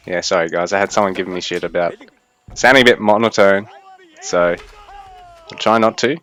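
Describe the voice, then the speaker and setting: A man's voice: sits low, fairly quick, long pauses, dry recording. Laid-back man casting a game. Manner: chatty, thinking aloud, fairly even delivery. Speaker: esports caster. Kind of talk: casual live game commentary.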